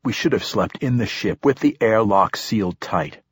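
A man narrating a first-person novel in a measured, reflective way. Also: lowish voice, expressive, breathy edge, dry recording, clean studio sound. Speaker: audiobook narrator.

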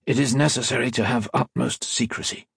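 A man voicing a calm, coolly insistent doctor who experiments on people, in an audiobook. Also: mid-range voice, fairly quick, vocal fry, slightly rough, dry recording, studio quality, exaggerated voice. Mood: coaxing. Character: cold, coaxing male doctor experimenting on people.

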